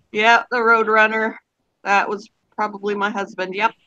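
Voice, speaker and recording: A woman's voice: medium pitch, pushed and bright, muffled recording. A middle-aged woman from Canada with a Canadian accent, rambling and laughing easily in casual voice chat. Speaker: voice chat participant.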